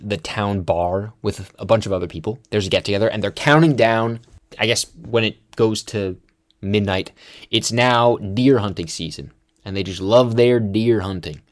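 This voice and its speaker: A man hosting a film review show, retelling scenes in a rambling, chatty way and acting out quotes. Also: fairly low pitch. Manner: chatty with frequent "like" fillers. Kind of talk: casual film discussion.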